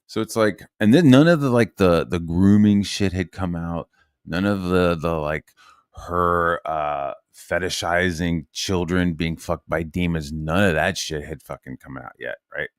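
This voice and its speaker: A channel host from Virginia rants casually through a long, profane, agitated story, stumbling over fillers and restarting often. His low voice is unhurried and clean, recorded with clean studio sound and no room sound.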